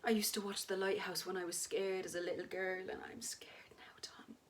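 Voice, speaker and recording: A woman's voice: medium pitch, level tone, moderate pace, a little hiss or hum, lightly acted. A woman doing a frightened Dublin wife. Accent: Irish, Dublin. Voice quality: breathy, often whispered. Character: frightened young Irish wife, tearful. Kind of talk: dramatic story reading.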